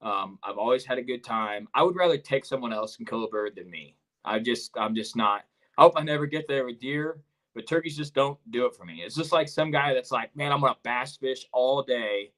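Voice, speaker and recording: A man chats on a podcast in a candid, plain-spoken way, with an everyday voice at a middle pitch. He talks openly about his own views. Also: lively intonation, a little fast, fairly bright tone, poor audio. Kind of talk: casual podcast chat.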